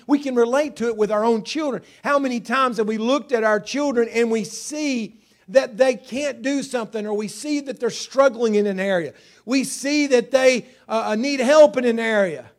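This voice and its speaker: A middle-aged man preaching a sermon, stretching key words and climbing in pitch to drive points home.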